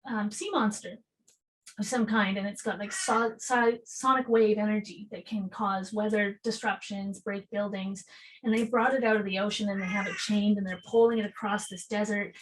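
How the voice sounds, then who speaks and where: A woman's voice: medium pitch, normal speed, slight background noise, low-quality recording. A woman guest on a podcast telling a vivid story in casual talk, acting out the voices of others and swearing freely. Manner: animated, acts out dialogue, casual swearing. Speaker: podcast guest, spiritual healer.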